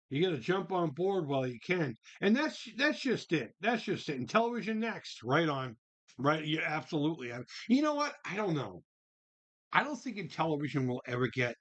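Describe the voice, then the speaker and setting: Male stream host, casual and profane, slightly high, very animated pitch, rambling delivery. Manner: animated, swears freely, exclaims in disbelief. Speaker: livestream host reading viewer chat. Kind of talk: casual live-stream chat.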